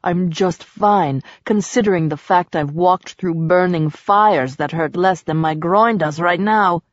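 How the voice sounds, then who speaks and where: Brief: woman reading roguish warrior man, wry and suggestive, low and dry. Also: unhurried, no room sound, lightly acted. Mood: sardonic flirting. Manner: dry, sarcastic and flirtatious. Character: teasing lecherous grown man, a former warrior general. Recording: dull dry recording.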